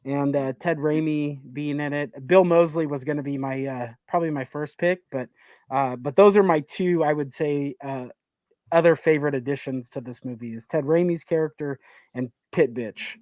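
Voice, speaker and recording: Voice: mid-range voice, moderate pace, darkish tone, no echo. A guest in a casual online chat, hesitant, with many fillers.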